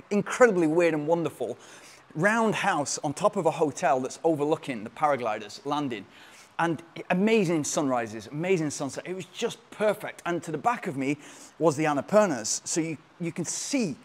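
A man, a running coach, telling a long travel story in a casual, rambling way, often restarting his sentences. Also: on the high side. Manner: rambling and animated, with frequent restarts.

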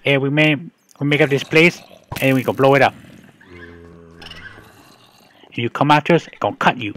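A man voicing a swaggering male villain who brags loudly and makes threats during a game commentary. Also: on the low side, racing, faint music behind, lightly acted. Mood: menacing. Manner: boastful, menacing, loud.

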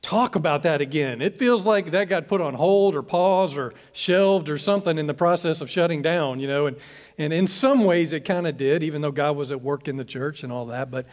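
A man's voice: fairly high pitch, a little fast, in a large hall. A man, a pastor giving an informal, rambling talk to church leaders and often restarting his phrases.

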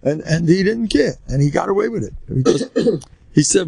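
A man's voice: on the high side, expressive, normal speed, creaky, warm tone, slightly rough, no echo. An older man, a rabbi giving an informal lecture, telling stories animatedly with rambling asides and Yiddish words sprinkled in.

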